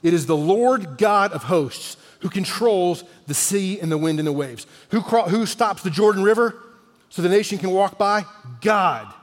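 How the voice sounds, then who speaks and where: A man in his forties preaching a sermon, an animated storyteller who sometimes drops almost to a whisper for emphasis. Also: high voice, normal speed, in a large hall. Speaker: pastor.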